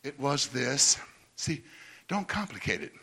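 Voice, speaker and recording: A male preacher giving a sermon, telling stories in an animated way with frequent restarts and repeated words. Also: mid-range voice, measured pace, vocal fry, husky.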